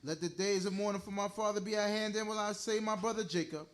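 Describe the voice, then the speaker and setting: A man reads scripture aloud at a steady, formal pace. His voice sits high for a man. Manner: measured, formal reading. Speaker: scripture reader.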